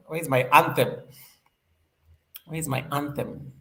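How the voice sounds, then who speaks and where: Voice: mid-range voice, moderate pace, fairly bright tone. Upbeat, chatty livestream host. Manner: chatty and upbeat, repeats phrases, laughs often. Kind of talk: casual livestream chat greeting viewers.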